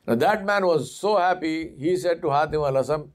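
A man preaching, telling a story with lively delivery and putting on voices for the characters. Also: on the high side, moderate pace. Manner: animated storyteller who acts out voices. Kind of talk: sermon storytelling.

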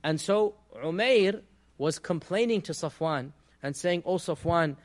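Male religious teacher, fairly high voice, patient lecture delivery with frequent fillers and check-ins. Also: animated, a little slow. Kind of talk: classroom lecture.

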